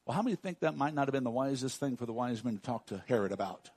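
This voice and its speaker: An older man with a Texan accent preaching a sermon as pastor, folksy, swinging from soft asides to loud emphasis. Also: mid-range voice, animated, fast, husky.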